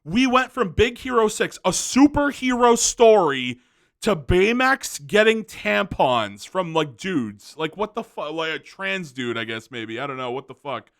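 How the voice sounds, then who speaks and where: Ranting man, high bright voice. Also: big pitch swings, unhurried. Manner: angry, profane, rambling with fillers and restarts. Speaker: commentary video host. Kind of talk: ranting commentary.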